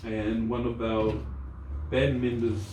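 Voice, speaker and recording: A man's voice: mid-range voice, level tone, slow, darkish tone, a little hiss or hum. Guy rambling thru a funny story, laughing, sounds far off in an echoey room. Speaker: podcast co-host. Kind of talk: casual chat among friends. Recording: echoey room, distant mic.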